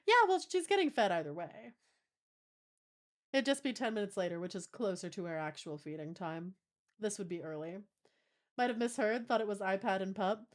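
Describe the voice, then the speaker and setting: A woman's voice: medium pitch, moderate pace. A young woman livestreamer chatting casually and playfully with her audience, reading their messages aloud with giggly asides. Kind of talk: casual chat with a live stream audience.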